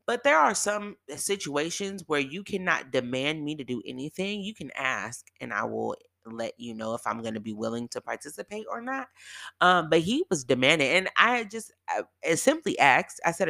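Host: woman from the Bay Area, crisp bright tone with gravelly fry, dry close mic, emphatic storyteller. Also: extremely low pitch, sing-song, moderate pace, no room sound. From San Francisco Bay Area. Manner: emphatic, exasperated retelling with quoted back-and-forth. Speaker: podcast host. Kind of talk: casual storytelling monologue.

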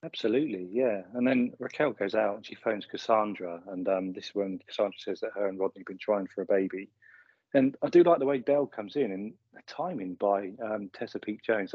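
Male podcast co-host, low-pitched, husky, chatty recapper, dry muffled recording. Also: no echo. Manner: chatty, chuckles often. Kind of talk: casual chat recapping a sitcom episode. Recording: slightly muffled lo-fi audio.

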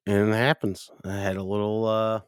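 A man's voice: fairly low pitch, little pitch movement, moderate pace, slight background noise. A man casually telling a crude, profane story on a podcast, animatedly acting out his friends' lines.

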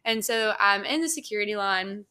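A woman's voice: medium pitch, moderate pace, clear, resonant tone. A young woman hosting a podcast, telling a personal story in a casual, chatty way. She fills her speech with "like" and "you know.". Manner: animated, acts out dialogue. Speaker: podcast host.

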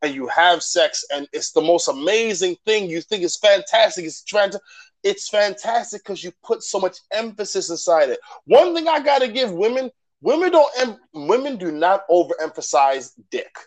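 A man's voice: high voice, big pitch swings, moderate pace, rough recording. A young man co-hosting a podcast, chatting casually, joking, swearing freely and laughing often. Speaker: podcast co-host. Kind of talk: casual chat.

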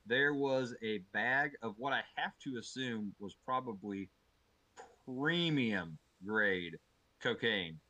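A man's voice: mid-range voice, slow, no echo, poor audio. A man co-hosting a comedy podcast, chatting casually with swearing and mock outrage. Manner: animated, profane, mock-outraged. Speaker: podcast co-host.

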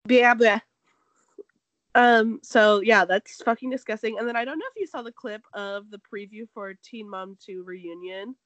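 Speaking at normal speed in a slightly high voice, a woman who says she is sick co-hosts a casual gossip chat. She retells a story with lots of "like," acting out the quotes animatedly, and the recording is dry and muffled.

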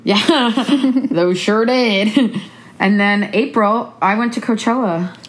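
A woman's voice: mid-range voice, slow pace. A young woman chatting casually with a friend, bubbly and full of "like". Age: young adult. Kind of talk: casual chat recapping the year.

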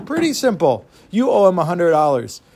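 A man's voice: high voice, huge pitch swings, normal speed, darkish tone, slight background noise, full character voice. A man doing a smug corrupt judge. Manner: smug, matter-of-fact pronouncements. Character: corrupt smug male town judge, adult.

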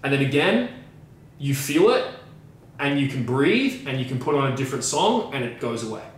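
A man's voice: mid-range voice, sing-song, normal speed. A man co-hosting a podcast as a coach, talking emphatically with frequent swearing and repeated phrases. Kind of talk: casual podcast discussion. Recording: very echoey room, mic at a distance, faint noise.

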